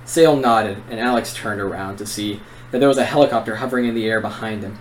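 A man's voice: fairly low pitch, fast talker, slight background noise, low-quality recording. Give me a young man narrating a book on a podcast. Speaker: podcast co-host. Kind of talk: reading narration and casual chat.

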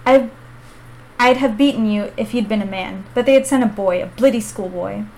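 A woman reading aloud as a furious male villain, in a loud, ranting read. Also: medium pitch, normal speed, lightly acted, low-quality recording.

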